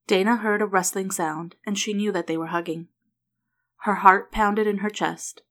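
A woman narrating a story in an even, unhurried reading voice. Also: mid-range voice.

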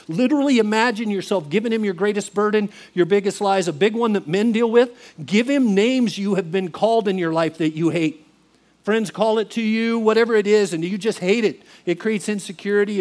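A man's voice: sits high, darkish tone. A man preaching a sermon in an earnest, confessional way, acting out his own conversations with God and with a mentor. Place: church.

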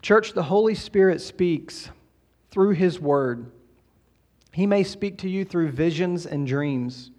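A man's voice: sits high, expressive, slow pace, darkish tone. A middle-aged man, a pastor preaching a conversational sermon in a church and checking in with the congregation as he goes. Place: church sanctuary.

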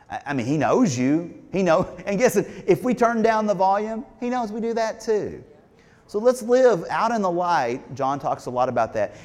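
A pastor preaches a sermon in a church sanctuary, speaking conversationally and putting questions to the congregation. His voice is high with a darkish tone, and the sound carries like a big room.

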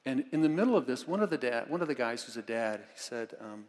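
A man's voice: medium pitch, lively intonation, fast talker. A male pastor giving a conversational, enthusiastic sermon with many restarts, recorded in a church. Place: church sanctuary. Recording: long reverb of a church hall.

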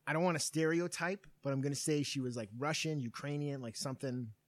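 A man's voice: on the high side, fairly even intonation, a little fast. A man in his thirties, a podcast co-host telling a long story in casual, profane chat.

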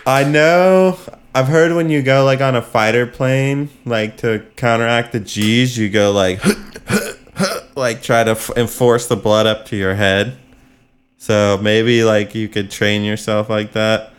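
A man's voice: mid-range voice, fairly even intonation, unhurried, clean tone. A man co-hosting a podcast in loose, casual chat, laughing and swearing freely. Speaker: podcast co-host.

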